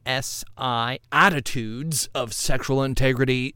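A man's voice: on the low side, steady tone, a little slow, clear, resonant tone, no echo, studio quality. A man hosting a podcast in a casual, rambling, self-deprecating monologue, often laughing at himself. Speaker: podcast host.

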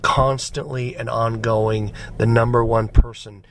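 A man's voice: mid-range voice, level tone, unhurried, slight background noise. A man preaching a conversational sermon, often checking in with his listeners.

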